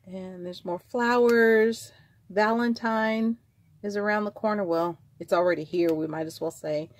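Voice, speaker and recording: A middle-aged woman in casual show-and-tell chat, rambling warmly and drifting into tangents. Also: medium pitch, steady tone, a little slow, no room sound. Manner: chatty, rambling, trails off into tangents. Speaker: vlogger selling vintage craft supplies.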